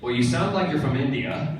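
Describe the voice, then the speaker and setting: A man's voice: on the high side, heavy background noise. Playful man echoing in a convention hall. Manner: playful, teasing, theatrical. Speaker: convention panel guest. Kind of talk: lively stage banter and anecdote. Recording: echoey hall taped from far off. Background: audience crowd.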